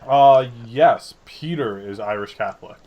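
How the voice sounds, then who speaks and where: A man's voice: medium pitch, measured pace, muffled recording. A young man co-hosting a casual podcast, talking in a rambling, sarcastic way with frequent laughs. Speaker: podcast co-host.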